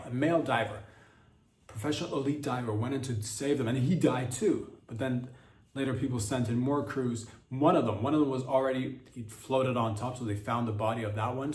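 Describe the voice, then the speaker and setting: Male podcast comic, rambling and crude, mid-pitched, roomy echo. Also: a little mellow. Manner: rambling, crude, many fillers and restarts. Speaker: podcast host. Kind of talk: rambling comedic monologue.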